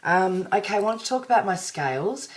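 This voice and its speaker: A woman's voice: mid-range voice, expressive, fairly quick. An Australian woman chatting to her viewers in a casual vlog, rambling and self-deprecating. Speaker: vlogger.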